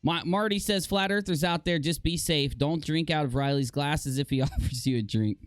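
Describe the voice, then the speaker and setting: A man live streaming, talking casually to his chat with a sarcastic, animated manner and frequent self-mocking laughs. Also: on the high side, normal speed, dry recording.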